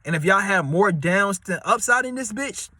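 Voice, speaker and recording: A man with a high, bright voice talks, rambling and repeating himself as he hands out relationship advice. His speech is loose and full of slang. It sounds dry and close, with no room echo. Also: animated, moderate pace. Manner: slangy, repetitive, street-talk delivery; acts out quoted voices in a high pitch. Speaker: advice vlogger. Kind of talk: casual advice monologue.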